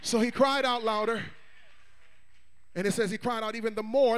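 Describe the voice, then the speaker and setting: A male pastor preaching a sermon, swinging between shouts and hushed asides and calling on the congregation to respond. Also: very high-pitched, fairly even intonation, moderate pace, long pauses, clean tone. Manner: call-and-response prompts to the congregation.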